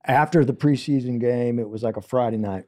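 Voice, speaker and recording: A songwriter, a man, telling a funny story as a podcast guest and acting out the people in it with raised, shouting voices. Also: mid-range voice, fairly quick. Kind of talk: animated storytelling.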